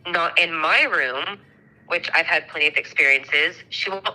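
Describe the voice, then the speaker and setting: Telling a ghost story, a mother in her thirties chats casually, cursing freely and performing the characters' lines. She has a low, bright, forceful voice and speaks a little slowly, captured on poor audio.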